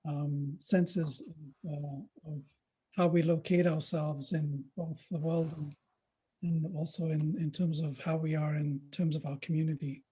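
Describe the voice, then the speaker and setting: A man emceeing a poetry reading, moderating the talk with measured, unhurried phrasing. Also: on the high side, flat delivery, warm tone, slightly rough. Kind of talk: moderating a panel conversation.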